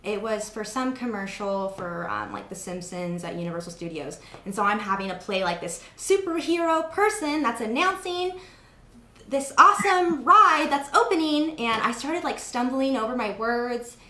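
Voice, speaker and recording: A woman's voice: a little high, lively intonation, moderate pace, sharp tone, echoey room. A young woman hosting an interview, chatting casually and telling stories with lots of fillers. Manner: chatty storytelling with many fillers. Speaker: host.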